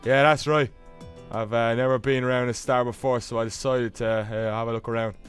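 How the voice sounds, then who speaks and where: A man's voice: mid-range voice, fairly even intonation, a little fast, clean tone, faint music behind, close to an everyday voice. A man putting on a cheery wandering migrant. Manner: loose put-on Dublin-style accent. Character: wandering hungry male migrant traveller. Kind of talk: let's play reading a dating game.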